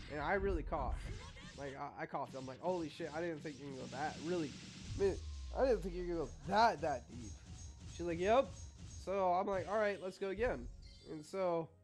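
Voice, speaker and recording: Rambling young man, higher voice. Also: darkish tone. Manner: rambling, swears freely, reenacts exchanges. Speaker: vlogger. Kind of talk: casual storytelling.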